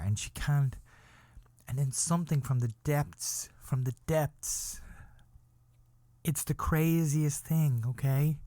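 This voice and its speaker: Dark in tone and mid-range in pitch, this man's voice comes through a dry recording. As a podcast host, he tells a funny story in a rambling, repetitive way, keeps restarting, builds slowly, and repeatedly asks his listener "okay?"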